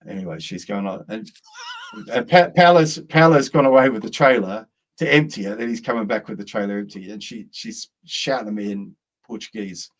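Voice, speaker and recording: A man's voice: fairly low pitch, brisk. A middle-aged man, co-hosting and telling a long rambling story in casual chat. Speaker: co-host.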